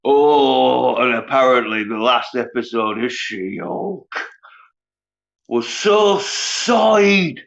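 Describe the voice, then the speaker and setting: A man's voice: medium pitch, animated, takes it slowly, gravelly, fairly bright tone. A man, ranting scornfully and profanely on a casual livestream while reading viewers' comments. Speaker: livestream host. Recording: dull lo-fi sound.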